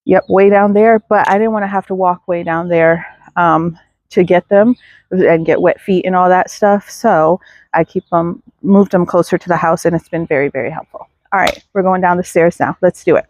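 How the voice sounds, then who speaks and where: A woman's voice: lowish voice, steady tone, normal speed, darkish tone, dry recording. A woman gives a casual outdoor garden tour, chatting to viewers and talking to her plants. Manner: chatty, self-deprecating, talks to viewers and plants. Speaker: garden vlogger.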